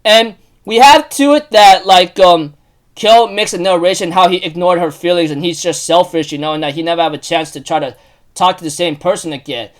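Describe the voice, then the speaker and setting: Male anime recapper, high voice, casual and rambling, prone to emotional outbursts. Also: brisk. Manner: rambling, emotional, many fillers and restarts; bursts into loud excited outbursts.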